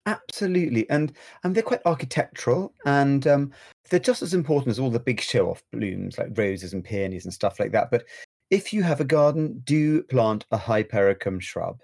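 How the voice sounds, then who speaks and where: A man's voice: medium pitch, animated, moderate pace, gravelly. A man co-hosting a casual podcast chat, playful and chatty as he reads out plant facts. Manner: playful, warm chatter with laughs. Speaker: co-host.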